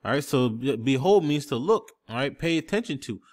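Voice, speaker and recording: With an animated, slightly mellow medium-pitched voice and a fairly quick pace, this preacher teaches scripture forcefully. He checks in with "okay?" and "man" nearly every phrase while pulling up word definitions on screen.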